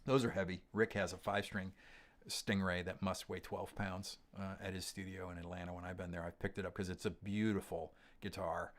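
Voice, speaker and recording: A middle-aged man hosting a livestream, reading out viewer comments and answering them in a relaxed, rambling way with many pauses and restarts. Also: low-pitched. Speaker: host of a gear livestream.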